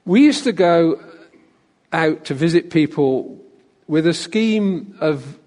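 A man preaching a sermon who asks the congregation questions and drops to a hush on key phrases. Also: high voice, in a large hall.

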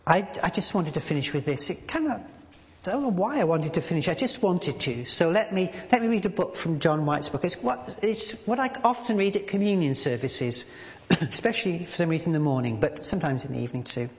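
Preacher in a reverberant hall. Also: male voice, a little high, expressive. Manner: halting, with many fillers and restarts. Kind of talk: sermon with a read-aloud story. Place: church hall. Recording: dull sound in a large reverberant hall.

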